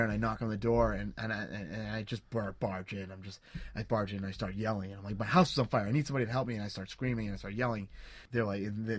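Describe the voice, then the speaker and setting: A young man on a podcast, telling a personal story in a casual, halting way, with many restarts and fillers. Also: on the low side, no room sound. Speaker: podcast co-host.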